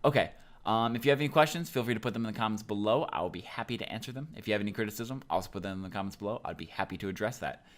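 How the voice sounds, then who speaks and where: A young man giving a casual online lesson, explaining in a relaxed, chatty way with plenty of fillers. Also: lowish voice, rapid-fire. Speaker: Japanese teacher.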